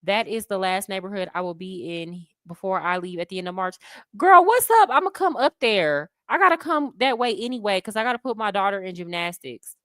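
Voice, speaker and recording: A woman's voice: medium pitch, brisk, hardly any pauses, a bit bright, no room sound, clean studio sound. A woman from the United States who hosts a casual travel livestream, chatting animatedly with viewers, laughing often and speaking in slang. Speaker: expat travel livestream host. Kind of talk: casual livestream chat, answering viewer comments. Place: Colombia, living abroad.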